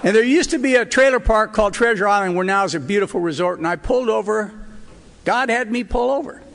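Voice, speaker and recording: A man's voice: high voice, gravelly, fairly bright tone. An older man sharing his personal recovery story at a meeting, earnest and emotional, with wry asides. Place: hotel meeting hall. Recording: reverberant hall recording.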